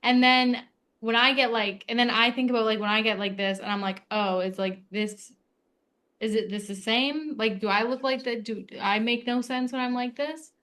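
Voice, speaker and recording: A woman guesting on a podcast, telling stories casually with quick bursts of speech. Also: a little high, steady tone, fairly bright tone. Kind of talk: casual conversation.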